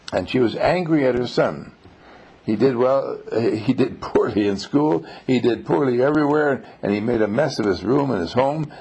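A man's voice: medium pitch, creaky, darkish tone, breathy edge, rough recording. A man teaching a small class on spiritual matters, telling stories and posing rhetorical questions.

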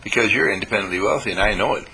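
A man's voice: fairly low pitch, very fast, creaky, bright, forceful tone, a little hiss or hum, poor audio. A man giving a self-help talk, telling stories animatedly and acting out the voices in them. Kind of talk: storytelling talk.

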